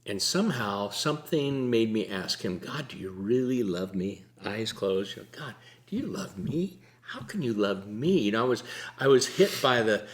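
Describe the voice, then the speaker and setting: An older man sharing a personal faith story in a relaxed, earnest conversation, sometimes laughing as he tells it. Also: on the low side, moderate pace. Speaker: guest sharing testimony. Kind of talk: conversational testimony.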